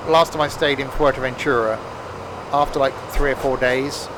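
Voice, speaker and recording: An Englishman livestreams a train simulator, chatting and rambling as he calls out each stop. His medium-pitched voice is steady and at normal speed, with background noise in the recording.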